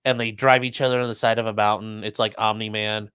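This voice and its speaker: A man's voice: fairly low pitch, flat delivery, quick pace, bright, forceful tone, clear, resonant tone, no echo. Laid-back man hosting a casual chat. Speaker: host.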